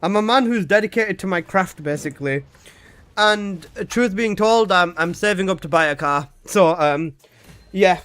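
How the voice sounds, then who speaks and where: A young man streaming games talks with his viewers in a noticeably high, fairly bright voice at a moderate pace. It's casual live-stream chat: he reads their messages aloud and responds with laughter and swearing.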